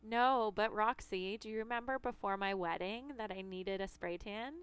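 A woman's voice: medium pitch, moderate pace, clear, resonant tone. A woman in her thirties co-hosting a casual beauty chat, telling stories with frequent laughs. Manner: chatty storyteller, laughs often. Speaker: podcast co-host.

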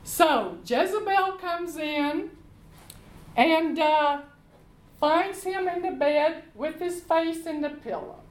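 A woman preacher retelling a story in a sermon, lively and acting out each quote. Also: very high voice, takes it slowly, reverberant, rough recording.

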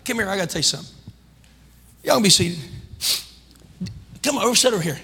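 A man preaching a sermon as pastor, calling out to the congregation and building into shouting. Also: high-pitched, animated, quick pace, creaky, long pauses, long reverb tail, crowd noise, background noise. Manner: calls out to the congregation. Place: church sanctuary.

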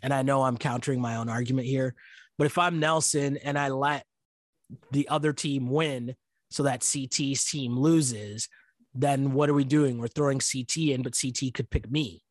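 A man's voice: mid-range voice, steady tone, moderate pace, no echo, studio quality. A man from Canada co-hosting a podcast in casual chat, chatty and self-mocking, laughing often. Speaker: podcast co-host.

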